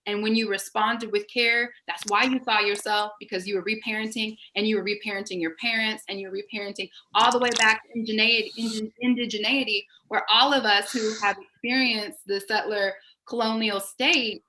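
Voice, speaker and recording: Bright-voiced woman, passionate and intense. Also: medium pitch, fairly even intonation, brisk, hardly any pauses, slight background noise, rough recording. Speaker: panel guest. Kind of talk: casual conversation.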